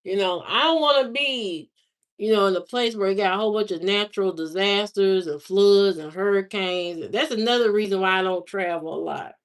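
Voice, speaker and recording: Slangy, relaxed woman chatting on a livestream. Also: mid-range voice, moderate pace. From Indiana, USA. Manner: slangy, drawling talk with lots of repeats and fillers. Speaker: livestream host. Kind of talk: casual chat answering live viewers.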